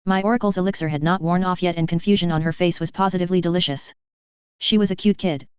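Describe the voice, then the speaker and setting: A woman narrating a first-person story in a steady, even reading voice. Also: fairly low pitch, clean tone, dry recording. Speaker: fan fiction reader. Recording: dry, slightly dull lo-fi recording.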